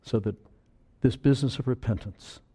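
Male preacher, earnest sermon delivery, slows words for weight, erupts into loud urgent cries. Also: medium pitch, husky.

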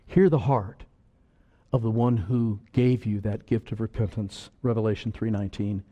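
A man preaching a sermon, earnest and slow on key words, breaking into sudden loud bursts of urgency. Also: fairly low pitch, fairly even intonation, dull audio.

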